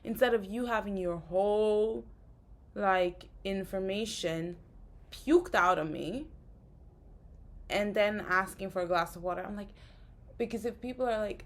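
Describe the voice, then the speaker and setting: A woman vlogger with a mid-range voice speaks at normal speed in a casual rant to camera. She sounds tired, exhausted and frustrated, rambling along with lots of fillers.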